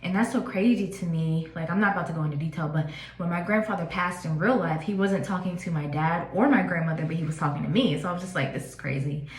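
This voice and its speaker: A young woman in her twenties tells a personal story in a relaxed, rambling vlog style. Her voice sits a bit low. The room gives it a noticeable echo. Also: fast. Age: 20s. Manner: casual, chatty, many fillers. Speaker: vlogger. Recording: echoey room.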